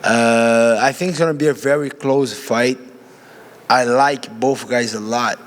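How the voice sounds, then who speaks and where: A Brazilian fighter with a Brazilian Portuguese accent fields press questions in a mid-range voice at a measured pace. He's animated, acting out his own reactions as if quoting himself.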